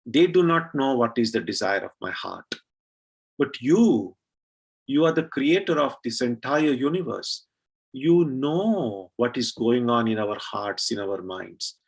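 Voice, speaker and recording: A man's voice: mid-range voice, animated, unhurried, vocal fry, husky, heavily acted. A man voicing a devout little girl who speaks with passion and insistence as he tells a story to a temple gathering. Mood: pleading.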